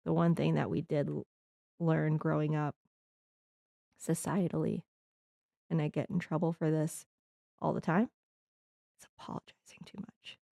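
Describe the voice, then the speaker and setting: A woman's voice: deep voice, little pitch movement, moderate pace, creaky, pauses often, mellow, no room sound. A woman from the Midwest hosting a podcast, talking earnestly in a rambling reflective monologue with restarts. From American Midwest. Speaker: podcast host.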